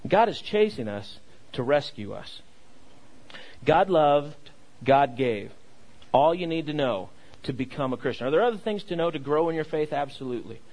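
A man's voice: fairly high pitch, expressive, normal speed, long pauses, a little mellow, low-quality recording. A young adult male pastor giving a sermon, repeating key phrases and leading the congregation in call and response, with frequent stammers and restarts.

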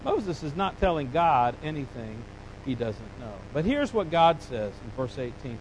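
A man preaching a sermon, animated and dramatic, acting out the complaints of biblical figures as he retells a scripture passage. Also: medium pitch, measured pace, a little hiss or hum, poor audio. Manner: animated preaching, voicing Bible figures with rising emphasis. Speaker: pastor.

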